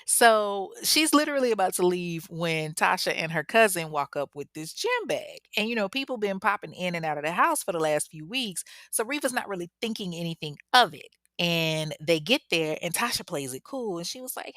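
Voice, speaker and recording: A woman's voice: fairly low pitch, lively intonation, normal speed, few pauses, a bit bright, no room sound, studio quality. A woman telling a true crime story in a chatty, casual way, talking straight to listeners. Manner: chatty, addresses listeners directly.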